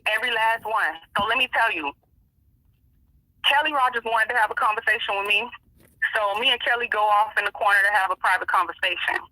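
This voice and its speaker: A woman's voice: mid-range voice, a little fast, pushed and bright, no room sound, low-quality recording. A woman being interviewed, telling a story in casual, emphatic, profane talk and acting out what other people said. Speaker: interview guest.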